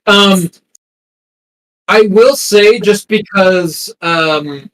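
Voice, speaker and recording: Man, game master, hesitant, lots of ums, slightly high pitch. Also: drawn-out words, fairly bright tone, rough recording. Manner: hesitant, many ums and restarts. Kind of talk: narrating a tabletop game.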